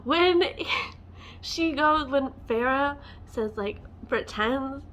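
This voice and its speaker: A woman's voice: sits high, lively intonation, extremely slow, a bit bright, slight background noise. A woman vlogging a casual, passionate book rant, talking emotionally and filling her speech with "like.". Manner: passionate, emotional, many fillers like "like".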